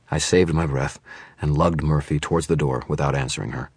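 Very deep, husky male narrator. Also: fairly even intonation, brisk, a little mellow, dry recording. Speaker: audiobook narrator. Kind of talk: first-person fiction narration.

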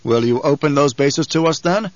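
A man's voice: a little high, moderate pace, no room sound, dull audio, natural voice. A man voicing a confident nobleman in an audiobook, firm and probing in how he talks. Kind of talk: audiobook character reading.

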